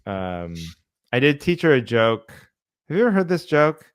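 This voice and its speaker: A man's voice: on the high side, sing-song, moderate pace, clean tone, no room sound, clean studio sound. A man in his thirties co-hosting a podcast, telling stories in a laid-back way and laughing easily. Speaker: podcast co-host. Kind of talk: casual chat.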